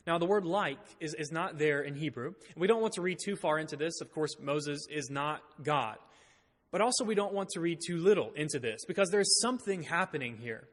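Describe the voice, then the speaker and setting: A man's voice: on the high side, normal speed, a bit bright. A man preaching a sermon in a church, reading scripture aloud and explaining it with light humor. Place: church sanctuary. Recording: long reverb in a church hall.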